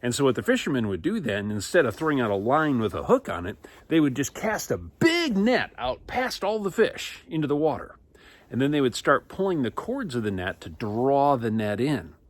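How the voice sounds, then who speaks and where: A man telling a Bible story to children in an animated, acted-out storytelling manner. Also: medium pitch, moderate pace. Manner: lively, acts out characters and sound effects. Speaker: children's church teacher.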